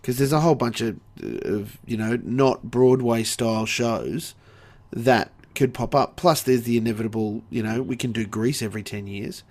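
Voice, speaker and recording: Dry-voiced man with quick replies. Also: mid-range voice, a little mellow. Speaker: podcast co-host. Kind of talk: casual chat.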